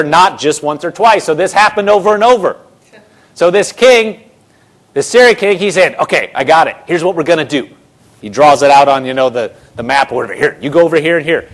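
A man preaching a sermon, retelling a scripture story in casual, animated voices. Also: high-pitched.

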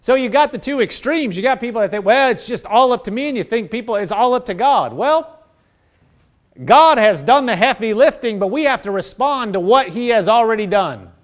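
A man's voice: very high-pitched, lively intonation, normal speed. A man preaching a sermon, earnest, acting out the prayers of the people he addresses. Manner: earnest, acts out prayers in quoted voices.

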